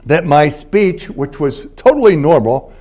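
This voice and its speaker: An elderly man from Philadelphia lectures at a university, slightly higher-pitched than most men. He talks in a loose, storytelling way, stopping to check in with his listeners. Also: big pitch swings, measured pace, a little mellow. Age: 80s. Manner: conversational storytelling, frequent "all right?" check-ins. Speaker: guest lecturer, linguist. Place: university library event space.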